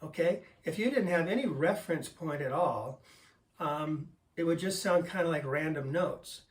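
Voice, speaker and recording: An older man teaching drums, calmly explaining time signatures and counting beats aloud. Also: a little high. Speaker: drum teacher. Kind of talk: instructional explanation. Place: drum studio. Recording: voice a bit far from the mic, faint noise.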